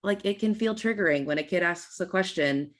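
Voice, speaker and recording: A woman's voice: lowish voice, brisk. A woman podcast host and parent, sharing stories in a chatty, earnest way over a video call. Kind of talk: casual interview chat.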